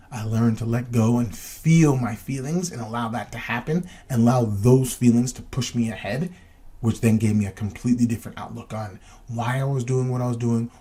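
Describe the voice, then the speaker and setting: A man telling a personal story on his podcast, casual and rambling, with frequent restarts. His voice is mellow and dark in tone and heavily rough and husky throughout. He turns to his listeners with reflective questions. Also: medium pitch. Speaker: podcast host.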